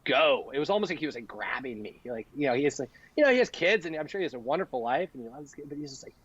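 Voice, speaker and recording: Earnest, rambling man with a slightly high voice. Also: very animated, racing, breathy edge, dull audio. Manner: rambling and earnest, often acting out what people said. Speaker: interview guest. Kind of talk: casual conversational storytelling.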